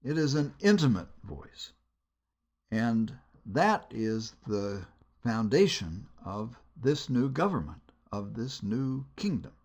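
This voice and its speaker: A man giving a teaching lecture on biblical storytelling, measured and deliberate, pausing with hesitations between phrases. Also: mid-range voice, very animated, a little mellow. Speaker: Bible lecturer.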